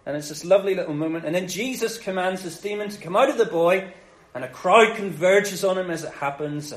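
A male preacher telling a story in a loose, joking style, his voice sitting fairly high. He sounds roomy, with noticeable echo. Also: a little fast. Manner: lively, jokey retelling. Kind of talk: casual sermon storytelling. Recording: echoey room.

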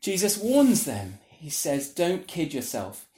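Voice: mid-range voice, wildly swooping pitch, takes it slowly, warm tone. A preacher giving an earnest, conversational sermon that is full of questions put to the listeners. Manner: earnest, conversational, asks the audience rhetorical questions.

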